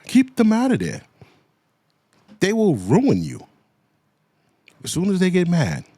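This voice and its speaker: A man rants in crude, heated commentary, and his pitch swings up and down as he drives each point home. He keeps circling back with blunt rhetorical questions. The sound is close and dry, with no room behind it. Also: wildly swooping pitch, slow pace, warm tone, no echo. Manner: profane, heated, repeats himself. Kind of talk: ranting commentary.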